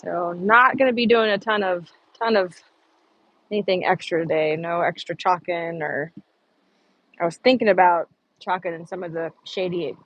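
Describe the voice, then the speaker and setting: A woman's voice: on the low side, moderate pace, no echo, muffled recording. A woman chatting casually on an outdoor livestream, rambling and answering viewer comments. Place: outdoors on a humid morning.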